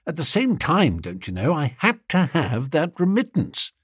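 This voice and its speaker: A man's voice: fairly high pitch, wildly swooping pitch, normal speed, breathy edge, no room sound, studio quality, exaggerated voice. Man doing a broke gloomy young gent, rambly and flustered, voice bouncing up and down. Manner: flustered, rambling, old-fashioned slang. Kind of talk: audiobook character voice.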